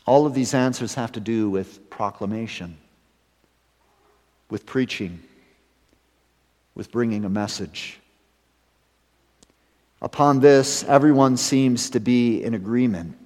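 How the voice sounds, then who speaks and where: A man preaching a sermon as pastor, building to emphatic rises and then dropping to hushed, serious lines. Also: mid-range voice, slow pace, pauses often. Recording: long hall reverb.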